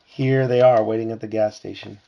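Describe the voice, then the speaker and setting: A man reading a storybook aloud to his child at home, lively and putting on character voices. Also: lowish voice, fairly quick, creaky, highs cut off.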